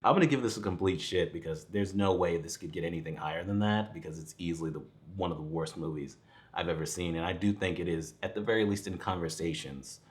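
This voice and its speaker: A fast-talking man with a fairly low voice rambles through a casual spoken movie review. He chuckles between thoughts and swears freely, keeping it loose and unscripted.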